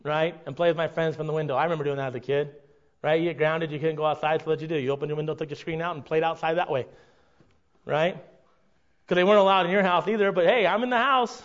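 High-voiced preacher, conversational and lo-fi. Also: male voice, steady tone, fast talker. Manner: frequent "right?" check-ins with the congregation. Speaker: pastor. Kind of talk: conversational sermon. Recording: dull lo-fi recording.

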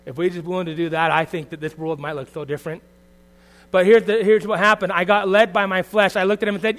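A middle-aged pastor preaches an earnest, confessional sermon, shifting from quiet reflection into loud bursts. His voice is high and fast, with fairly even intonation.

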